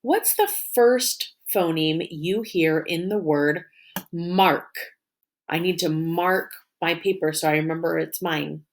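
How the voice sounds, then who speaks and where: A woman teaching a phonics lesson to young children, modeling words and sounds slowly and warmly praising answers. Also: fairly low pitch, a little hiss or hum. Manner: slow, encouraging, drawn-out modeling of sounds and syllables.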